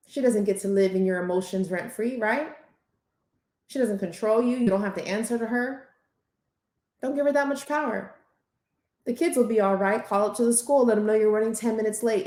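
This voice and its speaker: A woman life coach leading a group coaching masterclass in a lively, conversational way, acting out inner voices. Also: sits high, echoey room.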